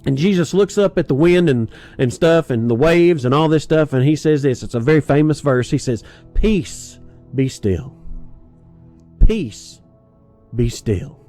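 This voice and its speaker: Casual preacher, man, mellow warm tone, chatty asides, soft music bed under him. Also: a little high, brisk, hardly any pauses. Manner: conversational, chuckling, with many restarts and asides. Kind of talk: sermon.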